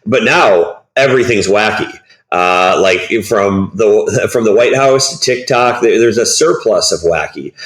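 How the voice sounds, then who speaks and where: A man being interviewed, telling rambling, animated stories packed with fillers. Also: lowish voice, moderate pace, echoey room. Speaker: guest. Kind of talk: casual interview chat.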